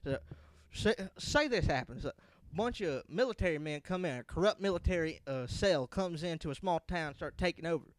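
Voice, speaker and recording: A young man co-hosting a casual podcast, telling stories animatedly and acting out characters in shrill voices. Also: moderate pace, few pauses, no room sound. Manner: animated storyteller, acts out sketches in shrill voices. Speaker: podcast co-host. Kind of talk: casual chat.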